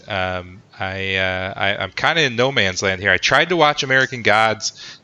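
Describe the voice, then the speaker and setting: Bright-voiced joking male podcast host. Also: fairly low pitch, clean tone. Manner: joking, rambling with many fillers. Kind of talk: casual sports podcast chat. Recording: dull lo-fi sound.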